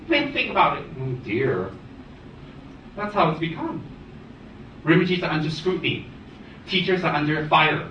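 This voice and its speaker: A man giving a dharma talk as a Buddhist teacher, animated and teasing, rattling off long lists. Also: a little high, slight background noise. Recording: echoey room, distant dull mic.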